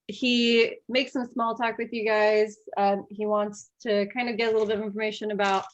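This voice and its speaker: A woman running a tabletop game as game master, narrating in a halting way with frequent fillers. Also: mid-range voice, flat delivery, highs cut off, slight background noise.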